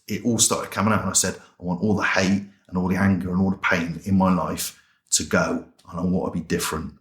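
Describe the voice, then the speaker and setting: A man's voice: low voice, a bit bright, reverberant. A man from England, a chaplain telling his personal testimony in a plain-spoken, colloquial way and acting out remembered dialogue. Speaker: chaplain and interview guest. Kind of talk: personal testimony told as a story.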